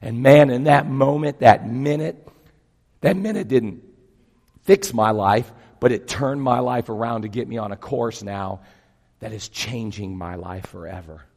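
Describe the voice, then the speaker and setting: Preacher in his fifties, husky and gravelly, animated storyteller who drops to a hush for effect. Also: mid-range voice, measured pace. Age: 50s. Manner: animated storytelling, acting out voices, big swings from loud to hushed. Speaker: pastor. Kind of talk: sermon. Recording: long hall reverb.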